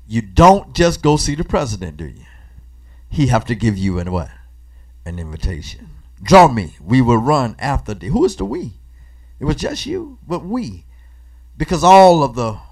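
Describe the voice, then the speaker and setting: Preaching in a colloquial church rhythm, this man poses questions to his congregation and pauses so they can answer. His voice sits at a medium pitch and swings from forceful, loud outbursts to hushed asides.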